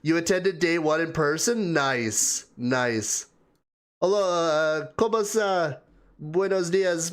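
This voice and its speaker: A man hosting a casual livestream, chatting and laughing as he greets viewers and reads their comments aloud. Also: fairly high pitch. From Canada. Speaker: livestream host. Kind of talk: casual live chat reading viewer comments.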